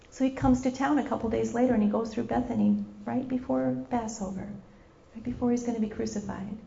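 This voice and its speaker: An impassioned woman preacher with a slightly high voice, repeating her phrases and acting out scenes as she preaches. The sound is muffled and lo-fi. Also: steady tone, a little fast, creaky, warm tone. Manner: impassioned, repetitive, acts out scenes. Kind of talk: sermon. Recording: dull lo-fi recording.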